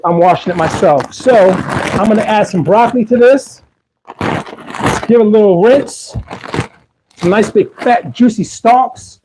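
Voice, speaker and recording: High-voiced chatty Maryland man cooking. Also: a little mellow, a little hiss or hum, rough recording. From Maryland, USA. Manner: upbeat, chatty, coaxing viewers along. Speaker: host cooking on a livestream. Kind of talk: casual cooking demo chat to viewers. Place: home kitchen.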